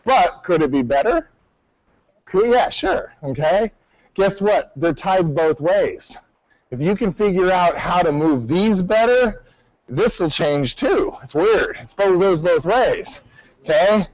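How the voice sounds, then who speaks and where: A martial arts instructor leads a class in a high-pitched male voice, barking out commands and drill counts. The sound is dry and slightly muffled, with no room echo. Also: animated, takes it slowly, a little mellow.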